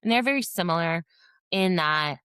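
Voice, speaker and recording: Bright, animated woman telling classroom stories. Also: lowish voice, normal speed, clear, resonant tone, dry recording. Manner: animated storyteller who acts out quoted voices. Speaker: podcast guest, former teacher and behavior specialist. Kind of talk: conversational storytelling in a podcast interview.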